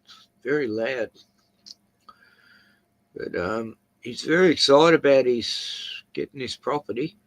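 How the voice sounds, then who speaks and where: A man's voice: medium pitch, takes it slowly, long pauses, no echo. A man with an Australian accent hosting a casual chat, rambling through anecdotes with chuckles. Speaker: host.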